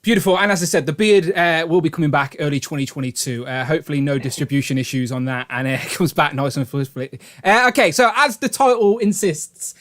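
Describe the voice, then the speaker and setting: A man's voice: fairly high pitch, brisk, few pauses, a bit bright. A man hosting a toy review live stream, chatty and upbeat, laughing easily. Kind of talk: casual live-stream chat.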